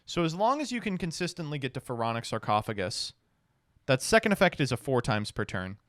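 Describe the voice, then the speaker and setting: A streamer reading card text aloud in a casual review, stopping for blunt, swearing reactions. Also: male voice, mid-range voice, big pitch swings, fairly quick, fairly bright tone, no room sound, clean studio sound.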